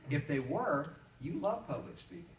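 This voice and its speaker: A man's voice: fairly high pitch, normal speed. A man giving a humorous motivational talk to an audience, telling stories and acting out voices. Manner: animated storytelling, acts out voices. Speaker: public speaker. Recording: echoey hall from far off, noisy.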